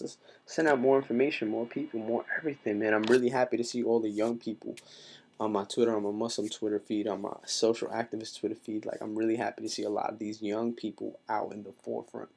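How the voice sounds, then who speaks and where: A man's voice: on the low side, vocal fry, darkish tone, slight background noise. A man talking straight to camera in a casual vlog, impassioned and emphatic, repeating himself as he makes his point. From Mexico. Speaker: vlogger.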